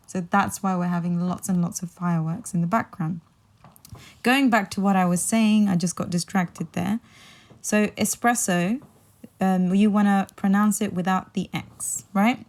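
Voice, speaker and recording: A woman hosting a casual English-pronunciation podcast, chatting in a relaxed way and slowing down to repeat words carefully. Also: lowish voice. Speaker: English teacher and podcast host.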